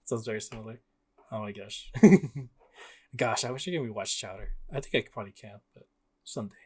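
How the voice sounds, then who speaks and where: A man's voice: on the low side, a little fast, a bit bright, breathy edge. Chatty young man, rambling with fillers. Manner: rambling, laughs often, many fillers. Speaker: podcast co-host. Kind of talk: casual game discussion.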